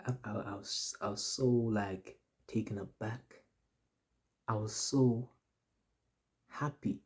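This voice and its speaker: A man's voice: on the low side, slow, pauses often. A young man telling a story to his audience in a casual, rambling, slang-heavy way, repeating himself often. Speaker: vlogger.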